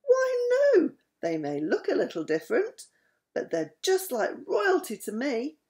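A woman's voice: a little high, huge pitch swings, normal speed, darkish tone, pitched above the performer's own voice. A woman voicing a sweet young princess who cries out with delight. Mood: warm.

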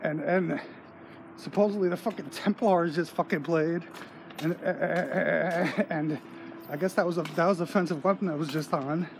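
A man telling a rambling, swear-filled story in a casual vlog, excited and in disbelief, filmed on a handheld phone out on a street. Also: fairly high pitch, normal speed, creaky. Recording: noisy street background.

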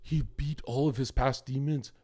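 A man chatting as a podcast guest, excitable and boastful, swearing freely and jumping between topics. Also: medium pitch, moderate pace. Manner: profane and boastful. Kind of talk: casual podcast chat.

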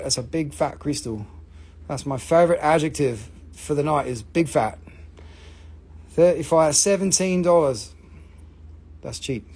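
Husky high-voiced man selling rocks live. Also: darkish tone. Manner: joking, swearing, calling out bidders. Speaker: live-stream mineral seller. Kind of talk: casual live auction chat.

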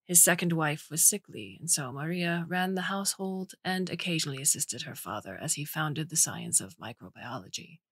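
A woman's voice: low voice, expressive, normal speed, few pauses, fairly bright tone, husky, no room sound, studio quality, heavily acted. A woman voicing a shy young male historian who speaks careful English with a Dutch accent. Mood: explaining. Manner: careful, precise.

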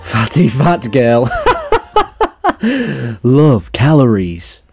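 A young man rambles through meme clips in a crude, joking way. His pitch swings a lot, up and down. The sound is dry and close. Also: big pitch swings, extremely slow, vocal fry, darkish tone, husky, no room sound, soft background music. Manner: crude, jokey, rambling with restarts. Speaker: meme reaction streamer. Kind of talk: casual meme reaction commentary.

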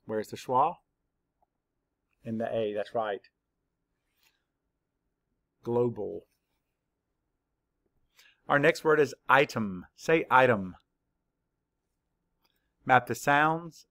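A man teaching a spelling lesson to young children, spelling out letters slowly and patiently. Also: medium pitch, lively intonation, gravelly, sharp tone, no room sound, clean studio sound. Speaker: third-grade teacher.

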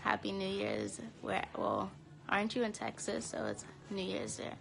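A tired young woman chatting casually to viewers on a phone live stream from home, talking in a drowsy, low-energy way. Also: very animated, moderate pace, creaky, slight background noise, poor audio. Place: home, indoors.

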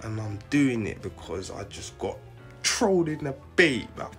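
A young man, giving slang-heavy, excitable commentary straight to his viewers. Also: medium pitch, moderate pace, faint music behind. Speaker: gaming channel host. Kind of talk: casual live commentary.

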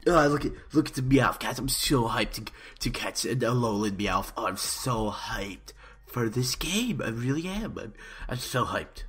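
Young guy stammering thru an overhyped lets play, bright husky voice. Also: medium pitch, animated, a little slow. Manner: stammering, overhyped and mock-earnest. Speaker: YouTuber. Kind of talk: parody let's play commentary.

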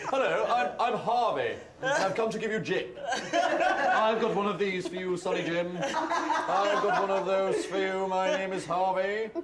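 A man's voice: high-pitched, lively intonation, unhurried, far from the mic. A man, laughing as he puts on a mocking schoolboy-bully voice in a film scene. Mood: jeering. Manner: laughing through a jeering mock voice. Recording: echoey film scene with loud crowd.

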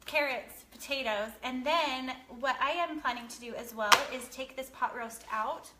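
A woman's voice: high voice, normal speed, sharp tone. A woman hosting a casual home cooking video, explaining each step in a chatty way. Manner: chatty, explains steps while laughing easily. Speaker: cooking show host. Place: home kitchen. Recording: echoey kitchen with clattering dishes.

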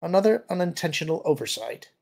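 A man's voice: a little high, very animated, vocal fry, darkish tone, slightly rough, voice pushed up, exaggerated voice. A man voicing a composed senior male admiral who speaks coolly and with authority. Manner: cool, measured.

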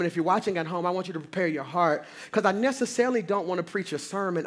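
A man preaching as a guest pastor at a large church, rousing and often shouting, repeating lines for emphasis in a call-and-response sermon. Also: on the high side, slight background noise. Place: large church, live service.

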